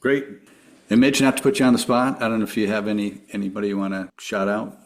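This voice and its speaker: A man's voice: fairly low pitch, fast. A man hosting a podcast, putting numbered questions to his guests and laughing often. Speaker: podcast host. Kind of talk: casual interview chat.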